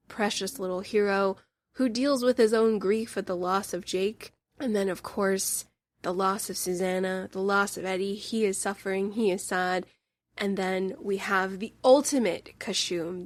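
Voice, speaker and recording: A woman hosting a book review podcast, talking in an earnest, deeply emotional way into a close mic. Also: no room sound. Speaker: podcast host.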